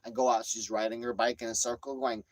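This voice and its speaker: A man vlogging, telling a rambling story full of cursing and lively retelling. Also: medium pitch, fast talker, dry recording, poor audio. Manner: rambling, profane, animated retelling. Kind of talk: casual storytelling.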